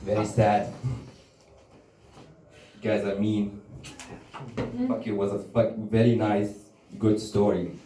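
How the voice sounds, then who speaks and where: A man's voice: lowish voice, completely flat delivery, slow, long pauses, mellow. A man doing a crude, rambling stand-up comedy set and laughing at his own jokes. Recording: roomy, from a distance.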